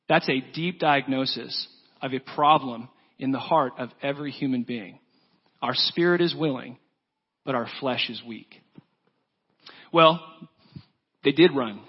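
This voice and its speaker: A man's voice: a little high, breathy edge. A man preaching a sermon, telling a story earnestly and acting out the quoted lines. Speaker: pastor. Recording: dull lo-fi sound with long church reverb.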